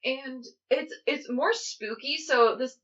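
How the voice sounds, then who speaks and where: A woman's voice: high-pitched, slow, fairly bright tone, dull audio. A young woman co-hosting a podcast, chatting with enthusiasm and plenty of fillers. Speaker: podcast co-host. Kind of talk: casual chat.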